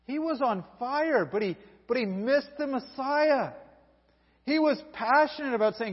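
A man preaching a sermon, telling the story with animated energy and acting out the people he quotes. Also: very high-pitched, measured pace, slightly rough. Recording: dull recording with long hall reverb.

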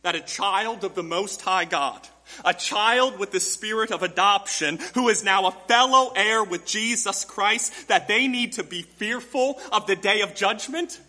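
A man's voice: sits high, measured pace, bright, forceful tone, in a large hall. A man preaching a sermon to his congregation, emphatic, with rhetorical questions and direct address to the church. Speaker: pastor.

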